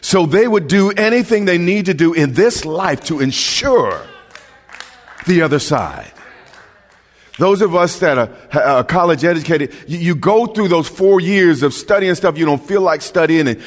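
A male pastor preaching a sermon with passion, repeating words as he builds and sometimes shouting. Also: a little high, lively intonation, normal speed. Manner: impassioned preaching with stammered restarts, rising to shouts. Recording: long hall reverb.

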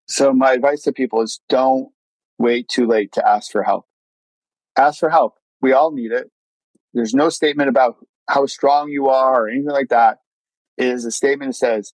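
A man's voice: mid-range voice, fairly even intonation, moderate pace, no room sound, rough recording. A man telling a personal story as a podcast guest, earnest, acting out his own thoughts and often restarting words. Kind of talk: casual storytelling.

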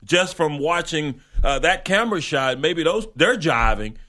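A man's voice: a little high, expressive, measured pace, sharp tone. A man co-hosting a casual sports talk show, rambling through player picks with many stops and restarts.

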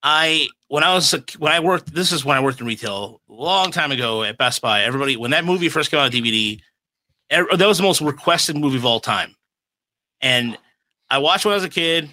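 Bright-voiced chatty male podcast host. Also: on the high side, expressive, brisk, dry recording, low-quality recording. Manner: chatty storyteller, opinionated. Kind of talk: casual podcast chat.

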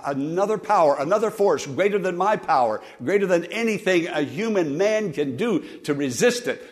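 Male pastor, sermon delivery, fairly high voice, loud emphatic peaks and quiet low asides, call-and-response with the congregation.

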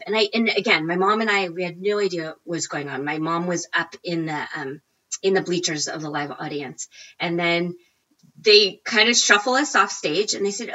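Woman, 40s, animated interview guest; bright, slightly low voice, dull recording. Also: normal speed. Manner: animated, acts out quotes with big pitch jumps. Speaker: guest, recipe blogger. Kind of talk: casual storytelling interview.

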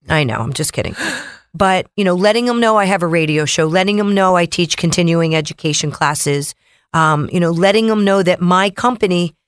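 Female mortgage officer, radio co-host, brisk and chatty, dry close mic. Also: lowish voice, no echo. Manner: brisk, chatty, reels off figures. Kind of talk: casual radio talk. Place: radio studio.

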